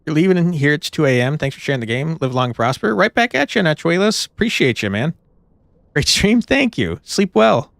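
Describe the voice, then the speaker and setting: A man's voice: fairly high pitch, sing-song, fairly quick, vocal fry, fairly bright tone, no echo. A man streaming a game live, chatting playfully with viewers and reading the story text aloud.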